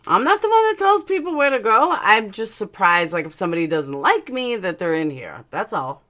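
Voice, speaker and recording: A woman's voice: mid-range voice, very animated, moderate pace, pushed and bright. A woman hosting a casual live stream, chatting bluntly and reading out her chat, speaking with a slight lisp. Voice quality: slight lisp from dental aligners. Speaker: livestream host reading chat.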